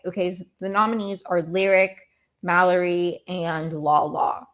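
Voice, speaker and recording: A woman's voice: on the low side, steady tone, moderate pace. A woman hosting a podcast, recapping a reality show in a casual, rambling, exasperated way and often going off on tangents. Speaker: podcast host.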